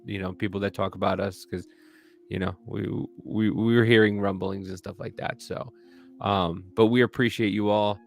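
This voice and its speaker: A man co-hosting a casual podcast, profane and animated, jumping into a high yell when worked up. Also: moderate pace, vocal fry, faint music behind. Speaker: podcast co-host.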